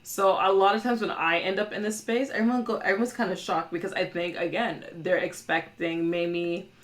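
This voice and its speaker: A woman speaks as a podcast guest in a fairly low voice. She is earnest and measured, and she sometimes quotes other people. The tone is conversational. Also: fairly even intonation. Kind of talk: casual conversation.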